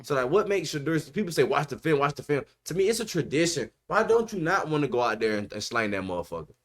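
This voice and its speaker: A man's voice: on the high side, very animated, quick pace. Emphatic man talking sports on a podcast. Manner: emphatic, repeats himself, says bro a lot. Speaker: podcast host. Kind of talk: casual sports chat.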